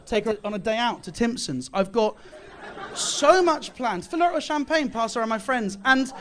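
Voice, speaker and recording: A British comedian with a high, light voice delivers a stand-up set on a club stage. His tone is boastful and self-mocking, with a crowd faintly audible around him in a live club recording. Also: lively intonation, moderate pace, fairly bright tone, slight background noise. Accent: British English. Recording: live club with audience laughter.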